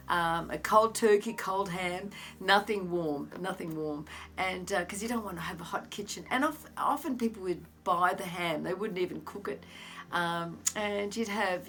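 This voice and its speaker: A woman's voice: on the low side, slight background noise. An older woman, telling a family anecdote casually and acting out the people in it. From Australia. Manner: animated anecdote with acted-out quotes. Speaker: interviewee sharing memories. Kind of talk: casual storytelling.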